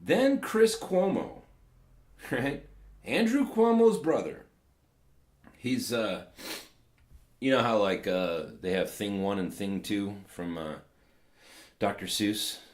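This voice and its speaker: A man's voice: fairly low pitch, animated, slow, pauses often, echoey room. A man hosting a podcast, giving casual political commentary in a rambling, sarcastic way with lots of fillers. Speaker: podcast host.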